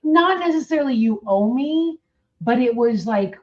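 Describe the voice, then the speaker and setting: A woman's voice: fairly high pitch, lively intonation, normal speed. A woman hosting a casual conversation, speaking reflectively and acting out remembered dialogue. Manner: reflective, acts out quoted dialogue. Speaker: podcast host. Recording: dull lo-fi audio.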